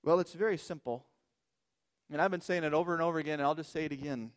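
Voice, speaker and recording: A man's voice: a little high, fast talker. A man preaching a sermon as pastor, emphatic and asking rhetorical questions.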